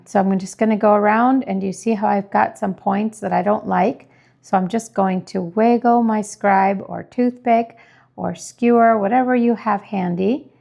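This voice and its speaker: A woman calmly explaining each step of decorating a cookie with icing as she works. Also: mid-range voice, vocal fry. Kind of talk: step-by-step tutorial narration.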